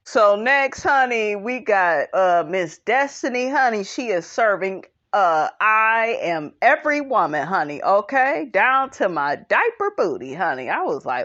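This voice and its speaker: A woman giving a sassy, animated casual commentary recap of a reality show, tossing in "honey" and "okay" as she goes. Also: unhurried, few pauses, dull audio. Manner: sassy, animated, sprinkles 'honey' and 'okay'; breaks into high laughing impressions.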